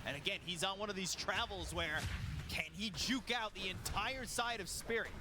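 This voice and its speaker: A man doing esports play-by-play commentary, and his pitch jumps up on big plays. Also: normal speed, over a noisy crowd. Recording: tournament broadcast with background noise.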